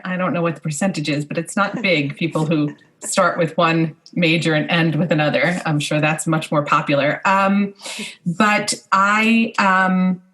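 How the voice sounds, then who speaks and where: Low voiced lady guest, speech therapist, lots of ums, relaxed chat. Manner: thoughtful, many "um" pauses. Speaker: speech language pathologist guest. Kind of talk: casual interview chat.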